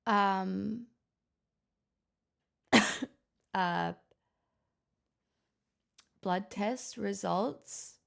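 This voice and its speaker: A woman's voice: mid-range voice, very slow, gravelly, pauses often, a bit bright. A woman live streamer who is sick, chatting casually and rambling with self-deprecating asides.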